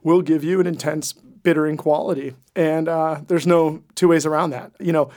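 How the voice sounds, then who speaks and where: A man's voice: on the high side, steady tone, normal speed, a little mellow. A man guest on a radio show explains his subject in a friendly, conversational way, with small fillers. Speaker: beer expert guest. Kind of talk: conversational interview.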